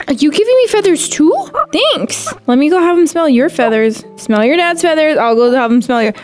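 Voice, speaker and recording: A woman giving casual, sassy commentary while playing a game, scolding the in-game birds and squealing when excited. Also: high voice, normal speed. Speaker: gaming YouTuber.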